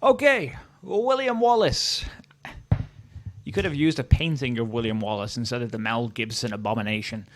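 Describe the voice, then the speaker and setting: A man's voice: mid-range voice, normal speed, slight background noise. Chatty Welsh man ranking leaders. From Wales. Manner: chatty and opinionated, thinking aloud with frequent "um"s. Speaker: history channel host. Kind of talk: casual tier-list commentary.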